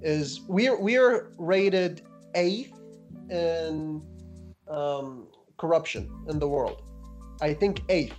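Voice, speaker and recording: A man from Iraq, a physician guest, telling stories in an animated, wry podcast chat. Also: on the high side, drawn-out words, soft background music. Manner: animated storyteller with wry humor. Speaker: guest, physician and anatomy teacher.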